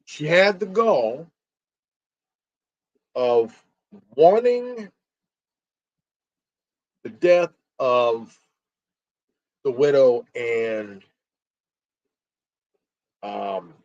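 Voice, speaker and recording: Halting, angry man ranting slowly. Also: medium pitch, lively intonation, a little mellow. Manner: halting, repeats words, swears, many ums. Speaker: stream host. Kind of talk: angry solo rant. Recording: dull lo-fi stream audio.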